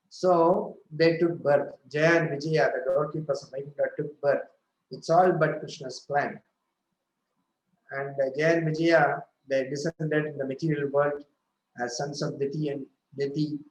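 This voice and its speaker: A man with a fairly high voice gives a devotional scripture talk. He retells the story at an unhurried pace and stops often to correct himself. The room is echoey, with a faint hum of ambience behind him. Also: fairly even intonation, a little mellow. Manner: retells the story slowly, with frequent self-corrections. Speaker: scripture speaker.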